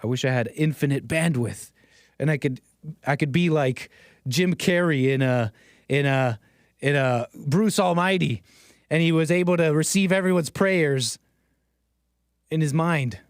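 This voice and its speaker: Unhurried and prone to long pauses, a livestream host with a slightly high voice talks straight to his chat about politics, sarcastic and frequently chuckling. The audio is studio quality without any echo.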